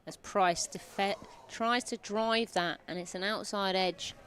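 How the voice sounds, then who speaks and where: A woman co-commentating on live cricket, giving relaxed, conversational analysis. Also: medium pitch, slow pace, slight background noise.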